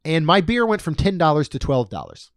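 A man's voice: fairly high pitch, wildly swooping pitch, fairly quick, no echo, clean studio sound. A man co-hosting a podcast in casual chat, reading out prices with jokey asides. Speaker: podcast co-host. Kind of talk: casual podcast chat about theme park costs.

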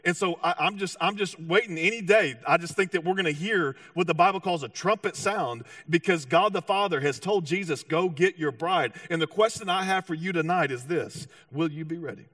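Animated preacher, slightly high, distant mic. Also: male voice, a little fast, few pauses, no room sound, clean studio sound. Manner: animated storytelling with acted-out voices, many restarts. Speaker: pastor. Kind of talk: sermon.

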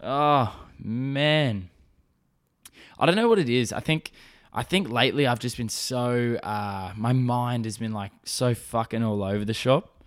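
A man's voice: medium pitch, a little slow. A young man hosting a podcast, telling a story in a rambling, profane, self-mocking way. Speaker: podcast host. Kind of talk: casual solo storytelling.

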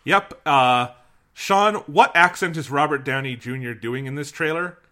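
Male podcast co-host, bright tone, blunt and emphatic banter. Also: on the high side, unhurried. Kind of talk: casual chat.

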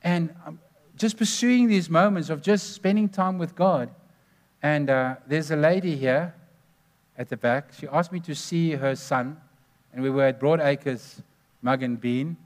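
A man's voice: a little high, unhurried. A man preaching a sermon, telling stories earnestly and stressing numbered points.

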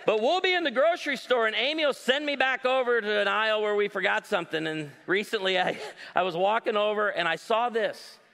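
Guy in his 40s doing stand-up, high bright voice, big echoey hall, acts out all the quotes. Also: a little fast. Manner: animated storytelling with voiced quotes. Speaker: stand-up comedian. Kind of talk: live stand-up comedy. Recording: long hall reverb.

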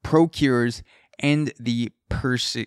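A man's voice: mid-range voice, steady tone, slow pace, clean tone, dry recording, clean studio sound. A man hosting a casual solo podcast, rambling with profane, comic tangents. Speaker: podcast host.

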